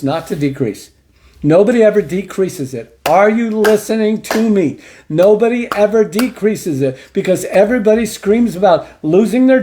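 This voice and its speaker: A man's voice: sits high, warm tone. A middle-aged man hosting an opinion commentary show, talking emphatically in a preachy way and repeating points for stress. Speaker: host.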